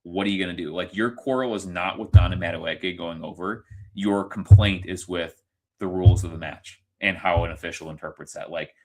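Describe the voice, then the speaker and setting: A man with a very deep voice co-hosts a casual football podcast. He rants with heat and swears freely, piling up his points. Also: fairly quick, darkish tone. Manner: heated ranting, swears freely, acts out others in quoted bits. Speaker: podcast co-host. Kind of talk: casual sports chat.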